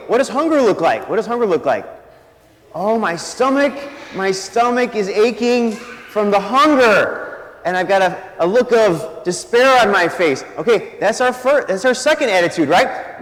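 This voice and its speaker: A man serving as deacon giving a playful, interactive homily in a church, quizzing the congregation and directing young volunteers. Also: sits high. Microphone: handheld microphone. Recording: echoey church with long reverb.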